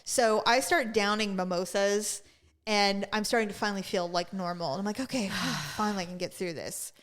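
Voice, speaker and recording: A woman's voice: medium pitch, normal speed, fairly bright tone. A woman co-hosting a podcast, telling a story in casual chat, acting out quotes and laughing often. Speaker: podcast co-host.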